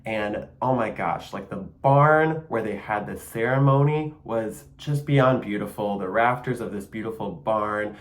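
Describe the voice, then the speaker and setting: A man's voice: fairly low pitch, a little slow, hardly any pauses. A young man with a Michigan accent hosting a casual solo podcast, chatty and enthusiastic, with plenty of fillers and small laughs. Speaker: podcast host.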